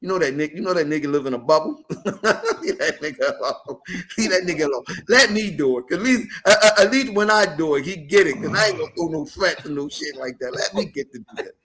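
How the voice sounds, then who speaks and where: A podcast host in a loose, profane chat, throwing himself into a story and voicing the people he quotes. His voice sits a little high, with a bright, forceful edge. He talks casually and swears freely. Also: animated, fast.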